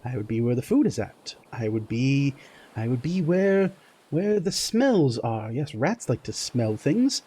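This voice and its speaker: A man voicing a jittery, fussy passenger who mutters to himself and breaks into shrill yelps. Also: measured pace, slightly rough. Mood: musing. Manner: excitable, shrill, jumps into yelps and shouts.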